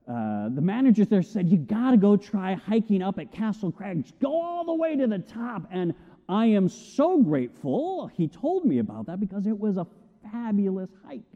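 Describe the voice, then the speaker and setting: Middle-aged male pastor, high and very expressive voice, long hall reverb. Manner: animated storytelling, acts out shouted quotes. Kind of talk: sermon. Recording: tinny phone-like sound with long hall reverb.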